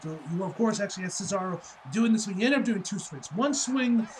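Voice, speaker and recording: A man with a notably high voice talks through a casual review, swearing freely and ranting with heat. His delivery is loose and rambling, packed with "like" as he circles back on his points. A faint hiss of noise sits under the voice. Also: expressive, fast talker, rough recording. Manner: profane, heated ranting. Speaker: wrestling reviewer.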